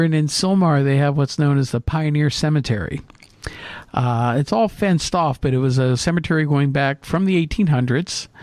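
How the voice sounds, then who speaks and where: A middle-aged man telling a story in casual chat, with lively restarts and fillers. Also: on the high side, no room sound. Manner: animated anecdote, hesitant fillers. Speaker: co-host.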